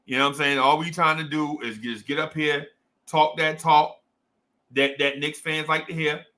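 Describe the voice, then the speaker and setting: A man's voice: on the high side, steady tone, normal speed, pushed and bright. A young adult man from New Jersey with a New Jersey accent, hosting a casual fan show in a slangy, repetitive, hype way. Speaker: sports show host. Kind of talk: casual livestream chat to fans.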